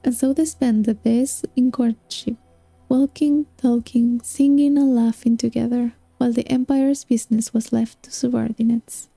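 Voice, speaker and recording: A woman reading a novel aloud as a book narrator, speaking in an unhurried way. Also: on the high side, steady tone, gravelly, warm tone, no room sound, soft background music. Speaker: audiobook reader.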